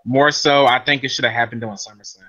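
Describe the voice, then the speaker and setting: A man's voice: medium pitch, steady tone, quick pace, bright, forceful tone. A man in a casual chat on a video call, laid-back and wry. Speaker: podcast co-host. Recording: muffled call audio.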